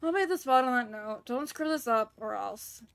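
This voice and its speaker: Woman reading a bossy, foul-mouthed Southern gangster for a video game, voice sitting a little high. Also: animated, normal speed, fairly bright tone. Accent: Southern US, put on. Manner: gruff, bossy, swearing.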